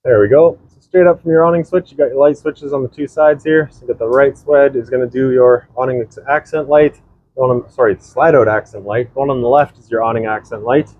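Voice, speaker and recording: This lo-fi clip features a man with a mid-range, steady voice moving briskly through a casual product walkthrough of a travel trailer. As an RV sales presenter, he covers the exterior before heading inside, keeping things practical and instructive.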